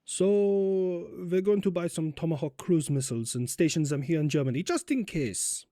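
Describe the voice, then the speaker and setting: A smug German official, as a man plays him, hesitant and falsely polite. The male voice sits a little high. The sound is dry and close. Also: animated, moderate pace, mellow, no echo, close to an everyday voice. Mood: mock-polite.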